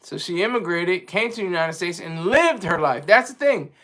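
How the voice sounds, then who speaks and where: A man's voice: high voice, animated, normal speed, a bit bright. A man hosting a live stream in a casual, rambling monologue, giving strong opinions and often stopping to search for words as he answers his chat.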